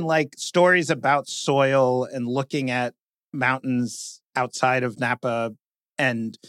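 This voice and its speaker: A man in lively conversation, often saying "like" and mimicking stiff announcer voices. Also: mid-range voice, no room sound, studio quality. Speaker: guest speaker, podcast creator. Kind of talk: animated conversational talk.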